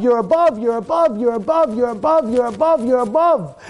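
A man's voice: very high voice, expressive, fairly quick, darkish tone. A man teaching a weekly Torah-portion class. He talks emphatically, repeats his phrases and keeps firing questions at his listeners.

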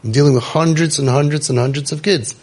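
A man's voice: fairly high pitch, quick pace, a little mellow, slightly rough. A middle-aged man gives an emphatic, storytelling inspirational talk, acting out the voices he quotes. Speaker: youth program founder and speaker.

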